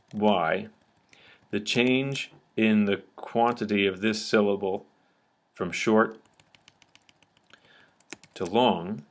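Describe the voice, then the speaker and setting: A man's voice: lowish voice, a bit bright. A man teaching a lecture-style lesson, explaining patiently step by step and often checking that listeners follow.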